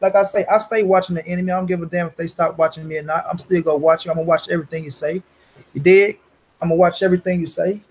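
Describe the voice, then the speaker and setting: Blunt, profane man with a high voice. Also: fairly even intonation, rapid-fire, poor audio. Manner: blunt, profane, repeats himself for emphasis; peppers talk with "you dig" and "bro". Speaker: boxing channel host. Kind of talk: casual commentary monologue.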